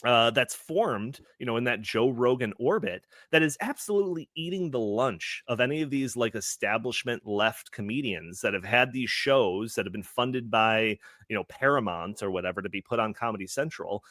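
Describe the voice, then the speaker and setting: A man's voice: mid-range voice, animated, normal speed, few pauses, fairly bright tone, no echo, studio quality. A man talking as a panelist on a podcast, explaining at length in casual chat with many fillers. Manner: rambling, filler-heavy explaining.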